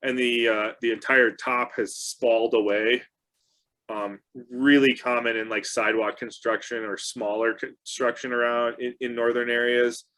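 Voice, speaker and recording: A man co-hosting a casual engineering discussion, relaxed and chatty, with many fillers and restarts. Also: mid-range voice, normal speed. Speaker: co-host.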